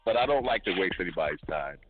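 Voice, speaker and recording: A man's voice: sits low, animated, quick pace. A man co-hosting a talk show in casual chat, blunt and often laughing, asking "you know what I'm saying". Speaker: co-host. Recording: tinny phone-like audio with faint music.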